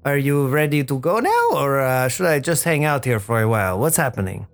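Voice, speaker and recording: A man's voice: medium pitch, big pitch swings, a little fast, faint music behind. A man playing a weary put-upon male assistant. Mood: unsure.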